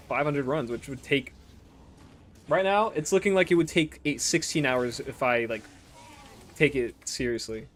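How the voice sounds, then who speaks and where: A man's voice: mid-range voice, a little hiss or hum. Rambling, profane man streaming a game. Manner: rambling and profane, drifting into quiet mutters. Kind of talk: casual commentary while playing.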